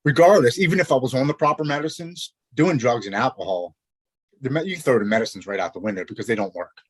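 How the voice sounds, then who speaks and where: A man in his forties telling his personal recovery story as a podcast guest, earnest and halting, often restarting his sentences. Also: mid-range voice, animated, breathy edge, no room sound. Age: 40s. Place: Maryland.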